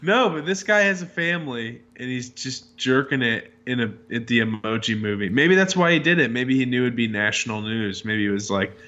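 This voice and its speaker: A man's voice: mid-range voice, moderate pace, hardly any pauses, pushed and bright. A young man in casual comedic chat, joking and riffing with a friend. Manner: joking, laughing, doing goofy voices. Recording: dull lo-fi sound.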